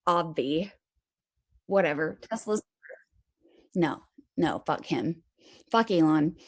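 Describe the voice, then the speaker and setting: A woman's voice: low voice, animated, takes it slowly, a little mellow. A woman chatting casually and rambling, swearing freely and laughing as she talks. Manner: rambling, profane, laughs often.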